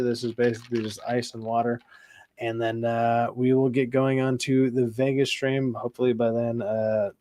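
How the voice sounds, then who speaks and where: A man's voice: mid-range voice, darkish tone, no room sound. Casual, cussing male streamer. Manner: loose, profane storytelling.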